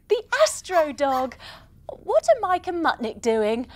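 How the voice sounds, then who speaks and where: A woman's voice: high-pitched, sing-song, slow, soft background music. A young woman leading a storytelling yoga class for children, playful and encouraging, with gasps and sound effects. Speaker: kids yoga teacher.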